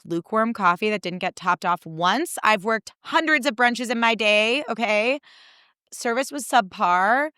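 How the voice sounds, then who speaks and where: A woman's voice: medium pitch, pushed and bright, clear, resonant tone, no echo, clean studio sound. A young woman hosting a podcast, telling stories in a chatty, exasperated way with lots of "like" and acted-out quotes. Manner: chatty, exasperated, acts out quoted people in funny voices; heavy use of "like" as filler. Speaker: podcast host. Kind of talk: casual storytelling monologue.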